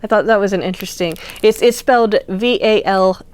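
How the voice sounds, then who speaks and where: A woman's voice: mid-range voice, a little fast, clear, resonant tone, no echo. Gushing, chatty woman crafter. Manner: gushing, chatty, many fillers. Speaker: craft channel host. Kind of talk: casual unboxing chat.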